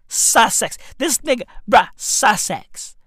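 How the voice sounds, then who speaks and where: A woman's voice: fairly high pitch, expressive, takes it slowly, fairly bright tone, breathy edge, no room sound. A woman delivering a profane, incredulous comedic rant, piling on exclamations and repeated interjections. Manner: repetitive, stacks interjections.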